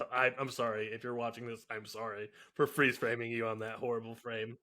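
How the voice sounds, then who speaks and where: A young man co-hosting a podcast, talking in loose, rambling chat full of ums and quick laughs. His voice is bright and a bit tense, with a middling pitch. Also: level tone. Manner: rambling, filler-heavy, laughs often. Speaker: podcast co-host.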